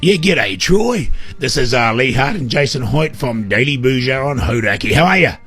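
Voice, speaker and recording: A young New man co-hosts a comic radio show with an average-pitched voice. He hesitates between takes, then turns brash once on air. Faint music runs behind him. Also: animated, fairly quick, sharp tone, husky. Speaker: radio host.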